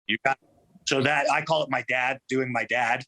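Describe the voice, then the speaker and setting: A man speaking as a guest in a casual interview. His voice is bright and forward, set at a middle pitch, and he keeps his delivery relaxed and reflective, often pausing on fillers. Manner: relaxed, thoughtful, with frequent fillers and restarts. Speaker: MMA coach, interview guest.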